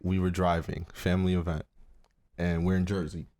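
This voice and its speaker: A man with a fairly low voice chats on a casual podcast, spinning an animated story. He laughs often and his voice leaps up high when he gets excited. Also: moderate pace. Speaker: podcast co-host. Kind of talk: casual chat. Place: New Jersey.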